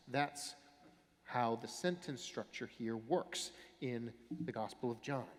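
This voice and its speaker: Male pastor, mid-range voice, wry explanatory sermon, reverberant sanctuary. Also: mid-range voice. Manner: wry, explanatory, dramatic pauses. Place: large church. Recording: long church reverb.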